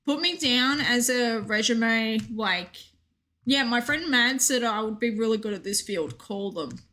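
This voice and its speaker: An Australian woman with a slightly high voice chats through a game stream. She rambles and jokes loosely and reads out comments from her viewers as she goes. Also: unhurried, sharp tone. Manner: jokey, rambling, reads chat aloud. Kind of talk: casual live-stream chat.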